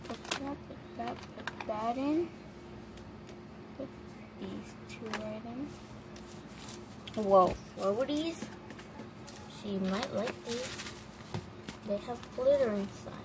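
A woman with a slightly high voice narrates a toy doll shopping game in a playful role-play, speaking in a chatty, halting way with plenty of fillers. It's a noisy home recording.

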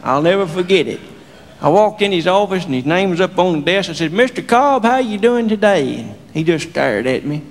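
A man from Tennessee with a thick rural Southern accent, doing stand-up comedy in a slow deadpan country drawl. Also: fairly high pitch. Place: live comedy stage. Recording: reverberant stage with audience laughter.

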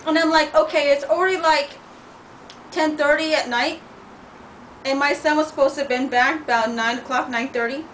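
A woman's voice: sits high, normal speed, a bit bright. A middle-aged woman ranting in a vlog, blunt and profane as she tells a heated story, sore and in pain. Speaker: vlogger. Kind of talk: venting vlog rant. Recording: distant mic with faint noise.

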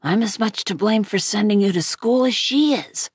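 A woman's voice: medium pitch, moderate pace, slightly rough, no echo, studio quality, lightly acted. A woman voicing a playful, affectionate father in a book read aloud. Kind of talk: reading a novel aloud.

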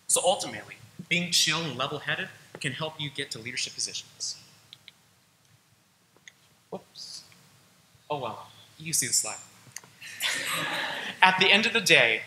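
A man's voice: a little high, lively intonation, moderate pace, long pauses, sharp tone, reverberant, in a large hall, a little hiss or hum, rough recording. A teenage boy giving an earnest, casual school presentation and talking straight to his audience. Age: teens. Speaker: student presenter. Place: school auditorium.

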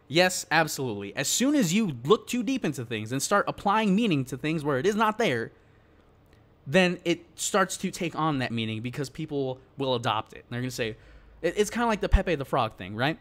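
A man delivering an exasperated gaming rant, his voice a little high for a man and swinging widely up and down as he gets heated. He talks casually and with plenty of slang, straight to his viewers. His frustration rises and falls but never leaves. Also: very animated, a little fast, a bit bright. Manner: worked-up, exasperated ranting; casual slangy address to the audience. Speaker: gaming YouTuber. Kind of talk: ranting gaming commentary.

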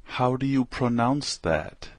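A man slowly reading short practice phrases aloud for a language lesson, one at a time with pauses. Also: mid-range voice, animated, dry recording.

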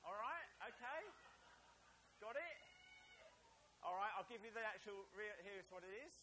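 A man's voice: high voice, moderate pace, slight background noise, rough recording. A man from Essex with an Essex accent, preaching a playful sermon and jokingly quizzing his congregation. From Essex, England. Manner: jokey, animated, teasing the congregation. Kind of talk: playful sermon with audience quiz.

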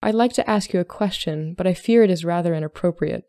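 A woman voicing a reserved, solemn young Regency gentleman who speaks plainly and politely. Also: on the low side, quick pace, no room sound, studio quality, lightly acted.

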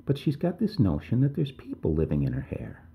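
A man's voice: medium pitch, wildly swooping pitch, brisk, gravelly, pitched above the performer's own voice. A man voicing a worried, tearful middle-aged village mother who pleads deferentially and keeps calling him sir. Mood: worried pleading. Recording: tinny phone-like audio.

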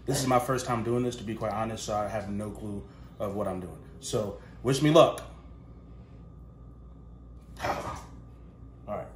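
A man's voice: lowish voice, fairly even intonation, moderate pace, pauses often. Laid-back man cooking at home. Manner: jokey, laid-back, talks straight to viewers. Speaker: cooking vlog host. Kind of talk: casual cooking demo chat. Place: home kitchen.

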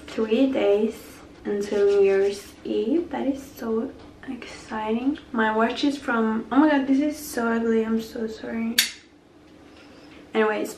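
A woman's voice: on the high side, darkish tone, distant mic, a little hiss or hum. A young woman vlogging casually while getting ready, chatty and self-mocking, slipping into whispers now and then, and a bit sick with a cold. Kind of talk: casual vlog chat. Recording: roomy echo, camera set back.

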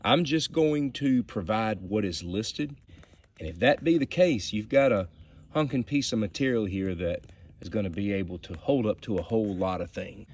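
A man's voice: lowish voice, expressive, normal speed, darkish tone. A man with a Southern US accent, talking casually and directly to his viewers as he reviews a knife. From Southern United States. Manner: folksy and chatty, addresses viewers directly. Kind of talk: casual product review vlog.

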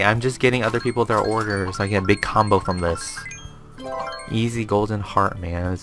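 Bright-voiced gamer rambling along. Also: male voice, lowish voice, steady tone, moderate pace, soft background music. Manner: rambling and self-amused, chats to himself. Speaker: gaming channel host. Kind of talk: casual let's-play commentary.

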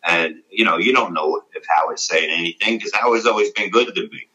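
A man's voice: low voice, brisk, sharp tone, low-quality recording. A middle-aged man telling a rambling, profane story in casual conversation, with lots of fillers. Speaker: former radio show regular, guest.

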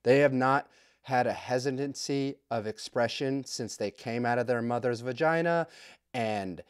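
A man's voice: mid-range voice, smooth, no echo. Profane joking man, dry close sound. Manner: profane, rambling and joking, with quick asides. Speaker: podcast host. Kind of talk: comedic storytelling.

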